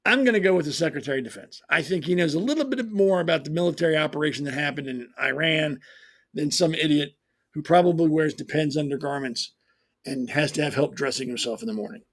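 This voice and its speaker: A man's voice: on the high side, quick pace. A man hosting a talk show, delivering a blunt, profane, sarcastic opinion monologue. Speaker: host.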